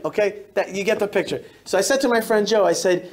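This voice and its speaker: A rabbi addresses a synagogue crowd in a fairly high voice. His storytelling is emphatic and lively, with sentences that stop and restart. He speaks to the room as he would at a live talk. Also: quick pace, few pauses. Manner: animated, emphatic storytelling with frequent self-interruptions. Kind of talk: speech to a synagogue audience. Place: synagogue hall.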